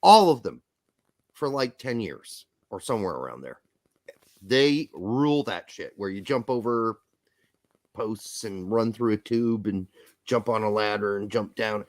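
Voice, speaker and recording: A man with a Midwestern accent co-hosting a podcast in casual chat, loud and rambling, swearing freely. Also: fairly low pitch, animated, measured pace, dry recording, clean studio sound. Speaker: podcast co-host.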